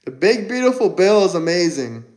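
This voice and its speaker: A male livestreamer with a high-pitched voice talks casually to his chat. He answers commenters with combative, mocking jabs. His delivery stays loose and off-the-cuff. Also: big pitch swings, normal speed, a little mellow, low-quality recording. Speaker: livestream host.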